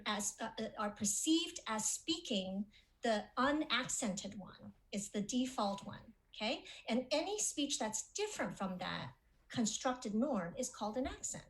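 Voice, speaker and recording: A woman's voice: fairly high pitch, big pitch swings, moderate pace, poor audio. A middle-aged woman presenting an academic lecture in a webinar, explaining her points and checking in with her listeners as she goes. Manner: explanatory, checks in with "okay?" and "right?". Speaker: speech-language pathology presenter.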